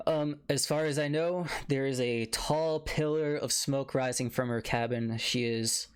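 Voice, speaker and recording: A male game master narrating a tabletop game and speaking as a worried town leader, in a mid-pitched, even voice. He talks haltingly and calmly, often pausing on a filler before going on. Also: clear, resonant tone.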